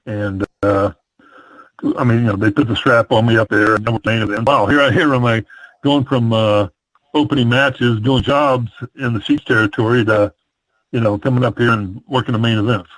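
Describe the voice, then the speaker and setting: A man's voice: mid-range voice, fairly even intonation, moderate pace, a bit bright, dry recording, rough recording. Older man telling wrestling stories. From American Midwest. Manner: rambling, many fillers and restarts. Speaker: retired pro wrestler, guest. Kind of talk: storytelling interview.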